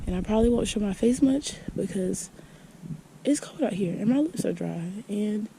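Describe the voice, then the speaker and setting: A woman's voice: mid-range voice, animated, normal speed, gravelly, poor audio. A woman vlogging casually from her farm, talking straight to viewers while getting over the flu and coughing. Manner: chatty, talks straight to viewers. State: out of breath. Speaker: farmer vlogger. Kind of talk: casual vlog narration. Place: outdoors on a farm. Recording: loud outdoor noise.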